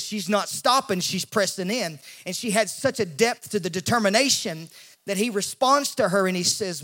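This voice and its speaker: A male pastor, preaching a sermon in an animated way and acting out the voices in the story. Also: high-pitched, normal speed. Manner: animated, acts out quoted voices, repeats words when he restarts.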